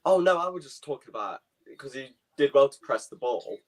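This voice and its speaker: A young man co-hosting a casual football watchalong chat, teasing and quick to laugh. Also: medium pitch, animated. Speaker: podcast co-host.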